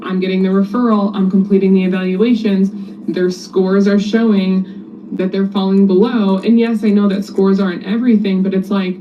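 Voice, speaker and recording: A woman's voice: mid-range voice, steady tone, moderate pace, mellow. A woman speech-language pathologist talking to the camera, earnest and questioning, sounding frustrated about her work. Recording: dull, distant played clip with faint noise.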